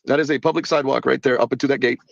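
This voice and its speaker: A man's voice: medium pitch, steady tone, very fast, creaky, dry recording, muffled recording. Taunting man filming a confrontation. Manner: taunting, mocking. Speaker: person filming a confrontation at a gate. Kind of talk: confrontational phone-video recording.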